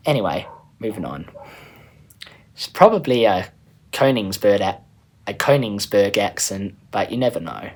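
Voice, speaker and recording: A man's voice: on the low side, very animated, unhurried, pauses often. A man reading his own story aloud in a casual, chatty way as the channel's storyteller. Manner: casual, chatty, a little rambling.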